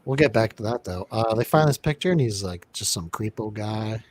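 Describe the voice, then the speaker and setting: A man's voice: lowish voice, animated, a little fast, darkish tone. A man hosting a casual film review podcast, joking around and mimicking characters in silly voices. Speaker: podcast host.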